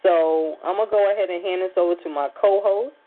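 A woman's voice: fairly low pitch, a little fast. Woman radio host, casual and rambling, lots of fillers, heard over a phone-like line. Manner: rambling, personal storytelling with many fillers. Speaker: radio talk show host. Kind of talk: casual chat.

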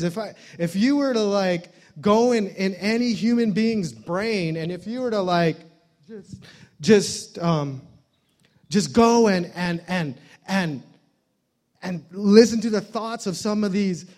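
A man's voice: high voice, a little mellow. A man preaching a sermon as a guest pastor, in a loose, joking style full of fillers and restarts.

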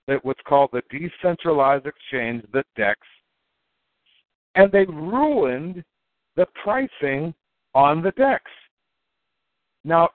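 A crypto token promoter with a fairly high voice rambles through an animated explanation, his pitch leaping for emphasis as he imitates how other people react. The audio sounds tinny, like a phone line, and is flat and dry with no room sound.

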